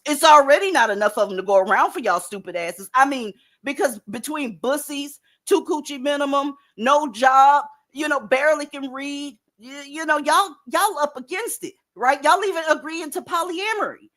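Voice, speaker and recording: Woman host, blunt and profane, fairly high voice, casual commentary. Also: expressive, moderate pace, hardly any pauses, a bit bright. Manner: blunt, profane, lectures viewers directly.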